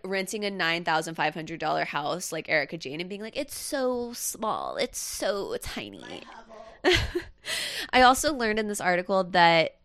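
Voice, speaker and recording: A woman's voice: lowish voice, fairly bright tone, dry recording. A woman co-hosting a podcast, chatting casually and rambling with lots of fillers. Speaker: podcast co-host. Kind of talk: casual chat.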